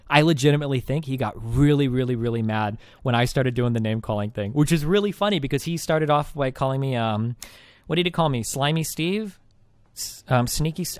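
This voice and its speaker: A man's voice: on the high side, no room sound, studio quality. A male streamer recapping a debate in casual, rambling talk, sarcastic and full of restarts.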